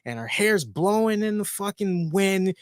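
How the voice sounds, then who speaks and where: In a clean, echo-free studio recording, a podcast co-host with a high-sitting voice rants at a measured pace. He's animated and jokey, swearing heavily throughout his casual, profane talk.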